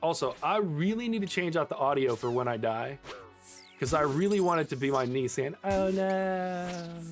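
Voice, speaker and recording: A man's voice: on the high side, expressive, fairly quick, faint music behind. A young man chatting casually with his viewers while he plays a game on stream, laughing often. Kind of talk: casual live-stream chat while gaming.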